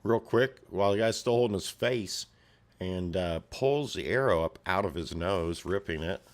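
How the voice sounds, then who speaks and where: A deep-voiced man casually retells a violent comic story, loose and rambling with fillers. He swears freely and keeps breaking into clanks, whooshes and other sound effects. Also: lively intonation, normal speed. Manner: profane, full of sound effects.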